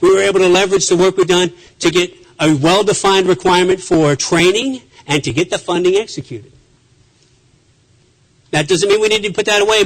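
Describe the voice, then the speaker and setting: A man's voice: high-pitched, poor audio. A man who is a naval officer, giving an emphatic conference speech and often repeating phrases with restarts.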